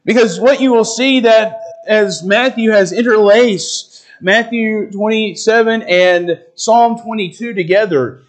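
A man preaching an expository sermon in a measured, deliberate teaching manner, reading scripture aloud. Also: high-pitched.

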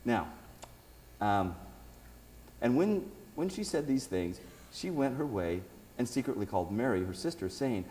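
A man's voice: mid-range voice, very animated, unhurried, dark tone, big-room sound, slight background noise, low-quality recording. A man reading Bible passages aloud and stopping for short, casual asides. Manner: reads aloud, breaks off for asides. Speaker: Bible teacher. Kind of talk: reading scripture with commentary.

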